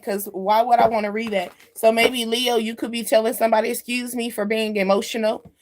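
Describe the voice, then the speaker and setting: Chatty woman doing a tarot reading. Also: medium pitch. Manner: chatty and loose, with repeated asides to the viewer; drifts off topic and laughs at herself. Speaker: tarot card reader. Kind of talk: casual spiritual reading to camera.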